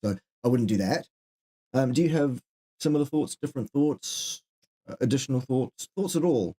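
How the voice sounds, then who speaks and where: A man's voice: mid-range voice, animated, normal speed, mellow, husky. A middle-aged man co-hosting a live question-and-answer chat, who gives dry, joking answers and drifts into asides. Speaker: co-host answering viewer questions.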